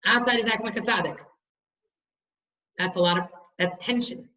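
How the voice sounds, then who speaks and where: A woman's voice: mid-range voice, moderate pace, bright, forceful tone, recorded from a distance, lo-fi sound. A woman in her thirties teaching a study class, chatty and storytelling with frequent restarts.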